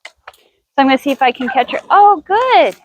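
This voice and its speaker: A woman's voice: high voice, completely flat delivery, brisk, muffled recording. A woman horse trainer teaching outdoors in a riding arena, chatty and thinking aloud with restarts as she coaxes her horse.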